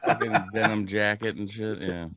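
A man's voice: fairly low pitch, normal speed, a crowd in the background. A man in his thirties co-hosting a podcast, swearing a lot and laughing often in casual banter. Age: 30s. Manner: animated, profane, laughing often. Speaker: podcast co-host.

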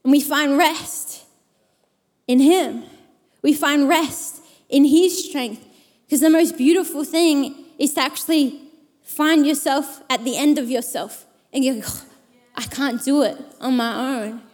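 High-voiced woman preaching in a reverberant hall. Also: a little slow. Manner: lively, jokey storytelling with repeated emphatic phrases. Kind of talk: sermon.

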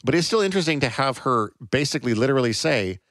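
A man's voice: lively intonation, fast, a bit bright, dry recording, clean studio sound. A man co-hosting a podcast, chatting casually about a novel and reading passages aloud. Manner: reads aloud, raising his pitch for quoted lines. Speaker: podcast co-host. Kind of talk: casual book discussion with a dramatic reading.

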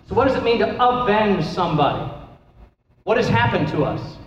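A man's voice: high-pitched, lively intonation, normal speed. A man, a pastor, teaching a Bible class in a casual, joking way and asking the class questions. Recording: echoey hall, dull lo-fi sound, faint noise.

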